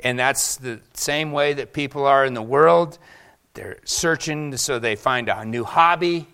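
A man preaching a sermon to his congregation, animated, asking rhetorical questions and acting out quotes. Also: medium pitch, a little slow, clear, resonant tone. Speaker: pastor.

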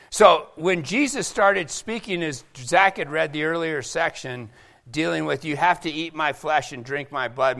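Bright-voiced animated male preacher. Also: medium pitch. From Seattle. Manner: animated, acts out quoted voices. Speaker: pastor. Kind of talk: sermon.

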